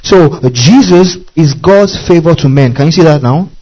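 A man's voice: on the high side, expressive, normal speed, mellow, lo-fi sound. A male preacher teaching from scripture, often checking that the congregation is following and spelling out Greek words. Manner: teaching verse by verse, repeatedly asking the congregation if they follow. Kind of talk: sermon.

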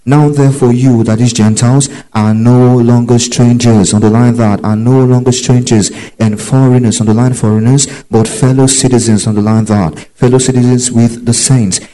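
A man's voice: mid-range voice, steady tone, normal speed, few pauses, mellow, poor audio. A man teaching from the Bible, reading verses aloud and telling listeners to underline key phrases. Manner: reads scripture aloud, repeats "underline that". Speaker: preacher.

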